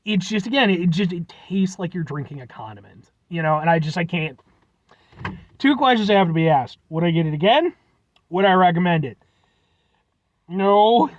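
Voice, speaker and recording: Lively high-voiced man, rambling. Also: moderate pace, long pauses, no echo, highs cut off. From United States. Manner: rambling, self-deprecating, lots of fillers. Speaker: food reviewer. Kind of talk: casual chat.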